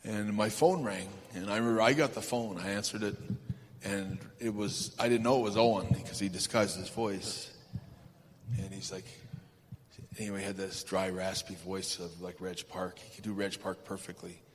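A man being interviewed on a live stage, telling anecdotes in a rambling, halting way with lots of fillers and chuckles. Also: low voice, fairly even intonation, a little hiss or hum. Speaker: guest. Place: large event hall stage. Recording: reverberant hall, faint ambience.

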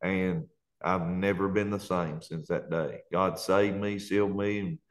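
A man's voice: deep voice, steady tone, a little slow. A man with an Appalachian accent, a pastor, telling his conversion story in an earnest, fervent way, at times close to tears. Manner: earnest, fervent, colloquial grammar. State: near tears. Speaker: pastor and guest. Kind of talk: emotional testimony.

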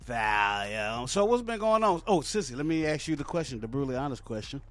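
A man co-hosting a casual call-in radio show, ranting with loud bursts and swearing freely. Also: mid-range voice, fairly quick, dry recording. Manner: animated ranting, swings between loud and soft. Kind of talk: casual profane radio banter.

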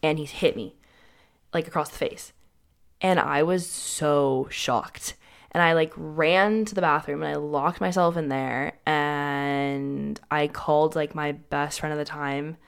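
A woman's voice: low voice, steady tone, slow pace, gravelly, clear, resonant tone. A young woman telling a painful personal story in a casual way, saying "like" often and restarting her sentences. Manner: casual, heavy use of "like", frequent restarts.

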